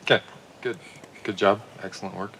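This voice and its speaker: A man's voice: lowish voice, fairly even intonation, normal speed, vocal fry, a bit bright, slight background noise, low-quality recording. A man officiating a wedding in a casual, joking, breezy way. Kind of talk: informal wedding ceremony.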